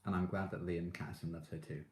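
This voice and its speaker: A man's voice: low-pitched, little pitch movement, fast talker, reverberant, slight background noise. A man chatting casually on a live stream, reading out viewer comments and gushing about his favourite shows with frequent laughs.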